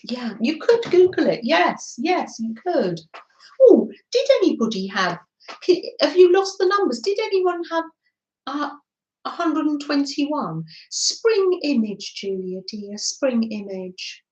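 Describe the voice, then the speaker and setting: Slow-talking woman live-streaming crafts. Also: high voice, sing-song, lo-fi sound. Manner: chatty, warm greetings to viewers. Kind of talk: casual live-stream chat, reading comments. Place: indoors at a craft desk. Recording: echoey room.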